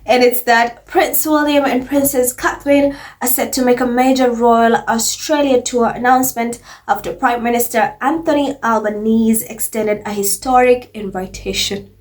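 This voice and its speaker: A woman's voice: a little high, steady tone, moderate pace. Chatty gossip commentator, a woman. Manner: chatty, laughs often, mocking quoted voices. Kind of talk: casual opinion commentary.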